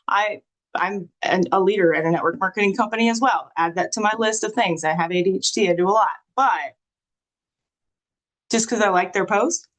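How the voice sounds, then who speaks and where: Energetic woman teaching a marketing class. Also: mid-range voice, low-quality recording. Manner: energetic, conversational, acts out sample messages in sing-song voices. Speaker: marketing trainer. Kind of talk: live training presentation.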